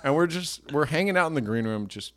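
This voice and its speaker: A man's voice: on the high side, animated, fast. A young man, a comedian and podcast host, telling a rambling, self-mocking story in casual chat.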